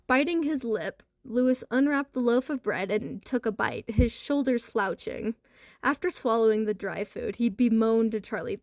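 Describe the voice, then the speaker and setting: A woman narrating a horror story in a lively, expressive way with a wry edge. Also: on the high side, normal speed, dry recording, clean studio sound.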